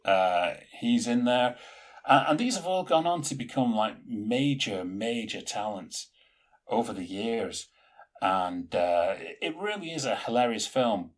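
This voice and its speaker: A man's voice: mid-range voice, lively intonation, a little slow. A man co-hosting a podcast in casual chat, rambling through film trivia. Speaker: podcast co-host.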